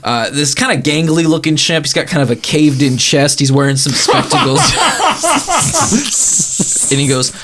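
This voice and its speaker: A man's voice: fairly high pitch, sing-song, a little slow, very noisy. A man narrating as game master in a rambling way, often laughing at his own jokes.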